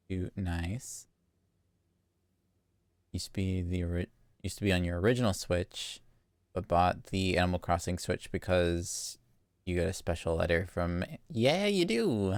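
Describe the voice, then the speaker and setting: A low, clean-toned voice belongs to a Canadian streamer with a light accent who laughs often while casually chatting over his gameplay. The studio-quality recording has no echo.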